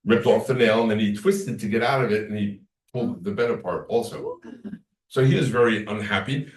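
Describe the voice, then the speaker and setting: A man's voice: on the low side, expressive, fairly quick, distant mic. Rambling male lecturer in an echoey room. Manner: rambling storyteller, acts out quoted talk. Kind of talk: casual lecture to a class. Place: class room.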